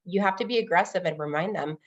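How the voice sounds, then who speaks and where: A woman's voice: on the low side, quick pace, dull audio. A woman loan officer as an interview guest, talking energetically and acting out quoted conversations with clients. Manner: energetic, acts out quoted dialogue. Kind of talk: casual interview chat.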